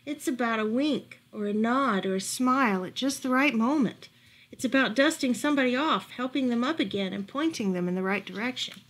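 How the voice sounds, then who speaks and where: A woman librarian reading a picture book aloud as a bedtime story, gentle and expressive. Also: fairly high pitch, fairly quick. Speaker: children's librarian.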